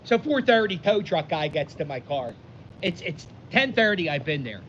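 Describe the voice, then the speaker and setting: A man's voice: a little high, normal speed. A man, rambling self-deprecatingly through a vlog story outdoors. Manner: animated, self-deprecating, rambling with many restarts. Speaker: vlogger. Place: outdoors on a windy day. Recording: dull audio with wind noise.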